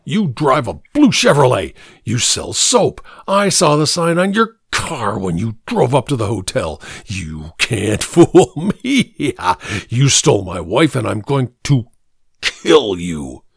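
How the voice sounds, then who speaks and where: A man voicing a menacing, vengeful male killer in a read-aloud story, with a throaty, rasping snarl and slow threatening delivery. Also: mid-range voice, sing-song, no echo, studio quality, heavily acted. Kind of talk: dramatic story reading.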